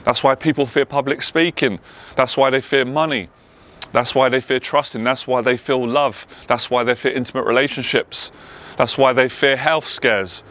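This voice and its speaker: A man from England with a London accent speaks as a motivational speaker. He tells his own story earnestly and emotionally, hammering home his points with repeated phrases. His voice sits at a middling pitch. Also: fairly even intonation, moderate pace, a bit bright. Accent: London English. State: tearful at times. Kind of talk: personal testimony monologue.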